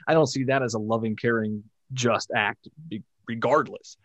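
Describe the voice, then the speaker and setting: A man's voice: medium pitch, fairly even intonation, normal speed, few pauses, dry recording. A man speaking bluntly in a casual discussion, challenging the other side as a skeptical guest.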